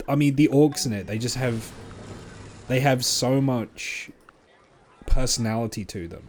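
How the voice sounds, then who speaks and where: A man's voice: mid-range voice, unhurried, a little mellow, slight background noise. A young man chatting casually and enthusiastically while streaming a game, rambling with loose asides and casual swearing. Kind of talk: casual gameplay chat.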